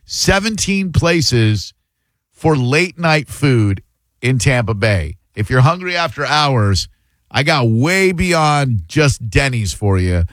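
A man's voice: mid-range voice, a bit bright, no room sound, clean studio sound. A man hosting a casual radio talk show, talking loosely and rambling, trailing off with "uh" as he thinks. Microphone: studio microphone.

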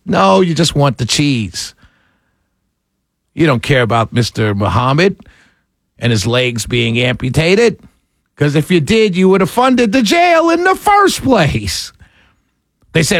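On his radio talk show, a man with a high voice rants unhurriedly through an opinionated monologue, animated and incredulous, mixing in sarcastic quoted voices and laughs. The recording is clean studio sound with no room sound.

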